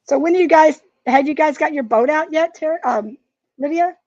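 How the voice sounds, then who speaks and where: A woman's voice: high-pitched, normal speed, a little mellow, no room sound, dull audio. A woman hosting a casual craft livestream, greeting viewers by name. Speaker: livestream host.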